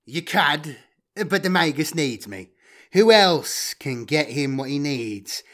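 Male reader as a sardonic, greedy trader, lively pitch. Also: takes it slowly. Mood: smug. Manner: smug, sardonic.

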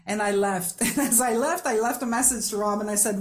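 A woman's voice: fairly high pitch, a little fast, few pauses. A woman hosting a podcast interview, telling a personal story openly, often laughing as she speaks. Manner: open, laughing, animated storytelling. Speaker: podcast host. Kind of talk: candid conversational interview.

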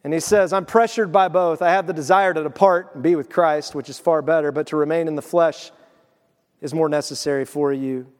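A man with a fairly high voice delivers a sermon as pastor. He tells stories with animation, slipping into the voices of the people he quotes. The sound carries a long reverb, as in a large church hall. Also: steady tone, brisk.

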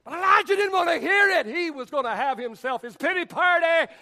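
A pastor delivering a fiery sermon, his voice climbing into shouts as he drives each point home. For a man his voice sits very high, and it has a bright, ringing edge. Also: lively intonation, a little fast. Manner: impassioned, often shouting.

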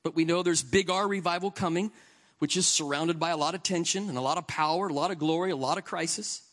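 A man preaching a sermon in an earnest, conversational way, shifting between quiet reflection and emphatic stretches. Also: fairly high pitch, fast talker.

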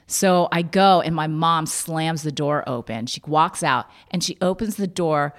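Guest, woman, lower-pitched, halting personal storytelling. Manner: halting, with many restarts and filler.

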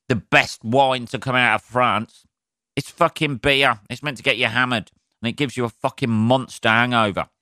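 A man's voice: medium pitch, pushed and bright, no echo, clean studio sound. Sweary ranting Southern English man. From southern England. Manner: sweary, ranty, jokey asides to listeners. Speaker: podcast host, stand-up comedian. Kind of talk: solo podcast ranting.

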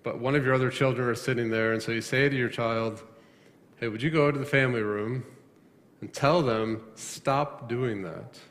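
A man's voice: medium pitch, steady tone, brisk, a bit bright, big-room sound. A man preaching a sermon as a pastor, emphatic and full of rhetorical questions, often restarting his phrases.

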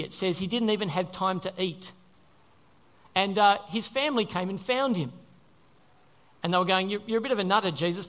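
A man's voice: sits high, a bit bright. A man preaching a sermon as pastor, earnest, repeating phrases for emphasis and asking his listeners questions.

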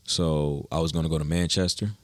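A young man with a deep, low voice tells his story in a relaxed, slangy way. He sounds like a musician guest in a casual interview. The sound is close and dry, with no room around it. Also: fairly quick, no room sound. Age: young adult. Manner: laid-back slangy storytelling.

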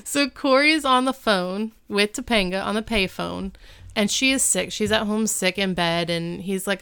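A woman's voice: mid-range voice, normal speed, pushed and bright, smooth. A woman co-hosting a podcast in casual chat, wry and light-hearted. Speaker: podcast co-host.

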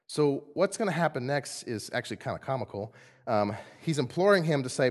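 A man preaching a sermon in a church, playful and animated, acting out the quotes in comic voices. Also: a little high, moderate pace. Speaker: pastor. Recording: long hall reverb.

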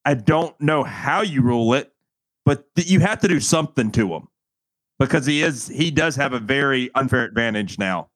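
Earnest mid-pitched podcast co-host. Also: male voice, lively intonation, normal speed, fairly bright tone, no echo. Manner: earnest, argues a point steadily. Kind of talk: casual chat.

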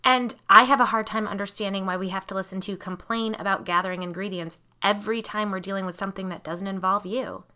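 A woman's voice: mid-range voice, steady tone, fast talker, few pauses, sharp tone, lightly acted. A woman voicing a haughty, snappish wealthy suburban mom who talks in curt, bossy bursts. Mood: snippy.

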